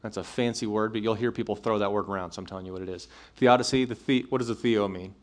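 A man delivers a conversational apologetics talk to a live audience of college students, full of fillers and restarts, checking in with his listeners as he goes. He talks fast in a lowish voice with fairly even intonation.

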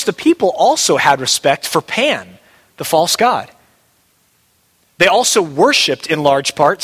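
A man's voice: high voice, a bit bright. A male pastor preaching a sermon, emphatic and repeating key phrases for weight. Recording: long hall reverb.

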